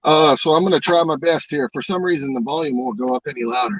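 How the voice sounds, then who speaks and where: Casual male podcast guest, a little high-pitched, phoning in from a parked car, dry close sound. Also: quick pace, fairly bright tone, no echo, low-quality recording. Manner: easygoing, storytelling. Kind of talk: casual chat. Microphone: phone.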